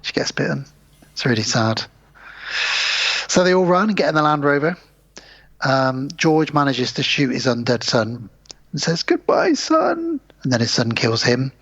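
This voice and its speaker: A man's voice: mid-range voice, moderate pace, pauses often, fairly bright tone, dull audio. A man co-hosting a podcast, retelling a film scene by scene in casual chat and acting out the characters' lines. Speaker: podcast co-host.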